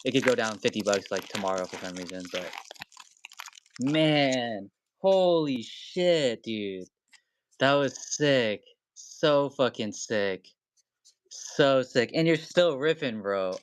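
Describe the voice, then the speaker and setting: Crisp-voiced young man opening card packs live. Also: medium pitch, no echo. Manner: excitable, swears when thrilled, talks to chat. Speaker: live-stream card breaker. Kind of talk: casual live-stream chat.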